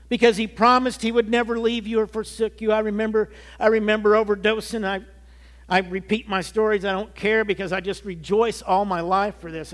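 A man in his early sixties preaching a sermon, giving an earnest personal testimony that builds to emphatic peaks. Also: high-pitched. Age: 60s. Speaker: pastor.

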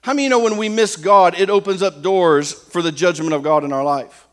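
Male preacher, high voice, emphatic sermon delivery, rhetorical questions aimed at the congregation. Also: brisk.

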